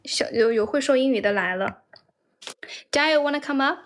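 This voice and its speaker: Chatty young woman livestreaming, higher voice. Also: fairly quick, slight background noise. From China. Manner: chatty, laughs often, thanks viewers for gifts. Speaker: livestream host. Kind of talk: casual livestream chat, mixing English and Chinese. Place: indoors, squatting while streaming.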